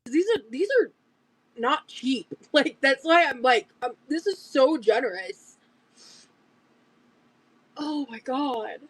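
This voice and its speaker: A woman's voice: sits high, slow pace, pauses often, husky, no room sound, rough recording. A woman on a livestream, gushing emotionally over gifts as she opens them. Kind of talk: livestream unboxing talk.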